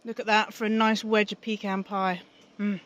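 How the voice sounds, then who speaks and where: A woman's voice: medium pitch, flat delivery, moderate pace, lo-fi sound. A woman talking casually to camera from inside her camper van, chatty and swearing freely. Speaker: vlogger. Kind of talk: casual vlog chat.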